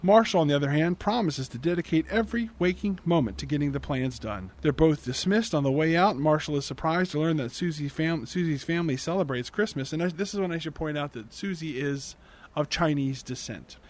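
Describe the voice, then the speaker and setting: A man's voice: fairly high pitch, a little fast. A man hosting a podcast, recapping a movie plot in a casual, chatty way, often restarting and correcting himself mid-sentence. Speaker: podcast host.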